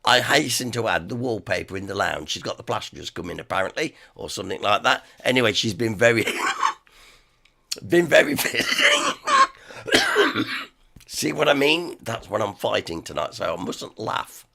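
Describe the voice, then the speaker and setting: A man with an East Midlands accent hosting a casual live stream, hoarse from a sore dry throat, rambling and greeting viewers one by one. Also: lowish voice, big pitch swings, normal speed, pushed and bright. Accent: East Midlands English.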